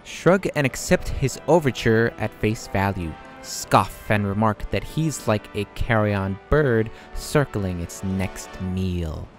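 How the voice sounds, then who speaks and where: A man's voice: fairly low pitch, expressive, slow, hardly any pauses, soft background music. A young man casually commenting on a video game he plays, reading dialogue choices aloud and laughing often. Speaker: let's play host.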